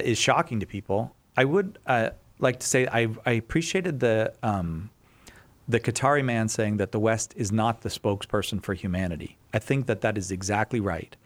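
A man hosting a talk show, conversational and halting, joking now and then. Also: lowish voice.

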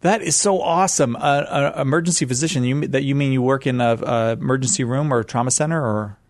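A man's voice: medium pitch, quick pace, dry recording, clean studio sound. Playful man hosting a radio game show. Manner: jokey, upbeat, puts on a game show host voice.

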